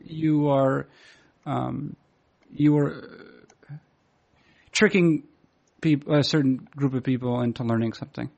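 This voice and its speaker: A man's voice: mid-range voice, fairly even intonation, slow pace, creaky, long pauses, darkish tone, lo-fi sound. A man from the Boston area chatting casually, rambling and hesitant, with many fillers and restarts, laughing at himself as he tells stories. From Boston area, USA. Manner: self-deprecating, laughs while telling stories. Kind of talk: casual chat.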